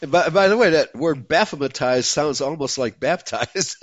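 A man hosting a talk show, speaking in an excitable, emphatic way and often breaking into laughter. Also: on the high side, measured pace, dry recording. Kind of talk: casual talk show conversation. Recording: dull lo-fi dry sound.

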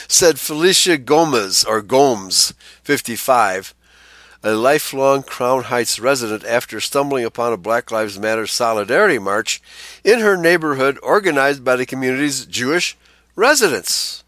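A man's voice: medium pitch, animated, moderate pace, a bit bright, no room sound. Man reading aloud with blunt asides. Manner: reads out text, then breaks in with blunt asides. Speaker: pastor. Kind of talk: reading an article aloud with commentary.

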